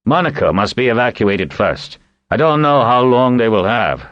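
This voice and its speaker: A weathered old seafarer with a roughened voice, as a male audiobook reader puts him on, sounding deliberate and weighty. The sound is dull and dry. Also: mid-range voice, big pitch swings, dry recording, voice pushed up, natural voice. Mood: urgent. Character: old male sea captain, gruff and seasoned.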